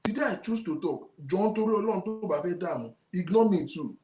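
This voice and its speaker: High-pitched yet dark in tone, this Nigerian-accented talk show host speaks fast and expressively while ranting to his audience. He is emphatic and indignant, repeats his points, and blends in Yoruba. Echo from the room is audible.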